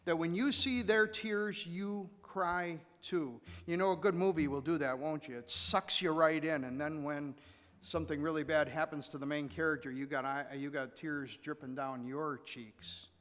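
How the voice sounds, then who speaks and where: A pastor preaching in a church, his voice sitting a little high for a man and ringing out in a long hall reverb. He talks in a conversational way, repeating words and pushing some lines suddenly loud. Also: fairly even intonation, normal speed. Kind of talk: sermon. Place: church sanctuary.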